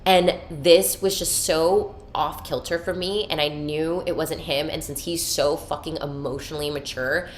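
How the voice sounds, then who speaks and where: A woman's voice: low voice, steady tone, unhurried, few pauses, a little hiss or hum. A woman hosting a podcast, talking candidly and emotionally about her inner life, swearing freely and using spiritual self-help language. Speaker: podcast host. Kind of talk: candid personal monologue.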